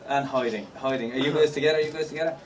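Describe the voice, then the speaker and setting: A rapid-fire Irish stand-up comic ribs his audience at a live comedy venue, his cheeky banter full of fillers. He has a mid-range voice with fairly even intonation, recorded on a distant mic in a noisy room with the crowd audible behind him.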